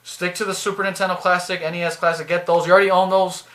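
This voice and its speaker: High-voiced man ranting angrily. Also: level tone, quick pace, hardly any pauses, fairly bright tone. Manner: exasperated, swearing, repeating himself. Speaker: video creator. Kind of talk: angry product rant.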